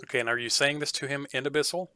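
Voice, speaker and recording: A man runs a tabletop game, describing each room in halting, filler-heavy narration. His voice is bright and forceful. The sound is close and dry, with no room around it. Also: medium pitch, steady tone, clean tone, no echo. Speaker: game master.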